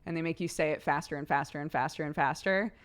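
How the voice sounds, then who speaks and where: Female streamer, casual live chat, playful and giggly, slightly low register. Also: quick pace. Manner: playful, laughs often, reciting tongue twisters.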